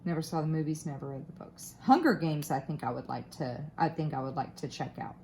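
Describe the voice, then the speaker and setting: This woman talks while crafting in a low-pitched, expressive voice that's fairly quick, warm, and touched with vocal fry, over a little hiss or hum. She's a vlogger in her thirties or forties with a slight Southern Florida twang, given to rambling, self-deprecating chatter full of fillers.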